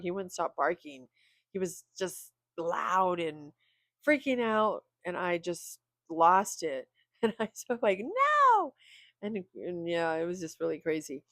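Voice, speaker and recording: Candid and a little rambling, a woman vlogger talks casually to camera with small laughs. She sounds tired and middle-aged, her voice lowish, captured in a dry, clean studio recording.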